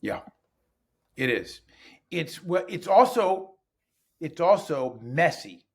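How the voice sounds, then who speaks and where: A man's voice: a little high, slow pace, vocal fry, husky. A man who trains teachers, a guest on a podcast, telling stories in conversation and acting out the dialogue. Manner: animated, acts out dialogue in changing voices. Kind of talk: conversational storytelling.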